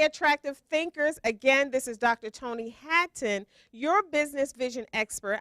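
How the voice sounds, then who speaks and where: A woman coaching entrepreneurs from a stage in an upbeat, preachy way. Her voice is high and the sound is dry and close. She keeps asking the audience rhetorical questions. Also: fairly bright tone, no room sound. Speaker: business coach speaker. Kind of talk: motivational talk. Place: event stage.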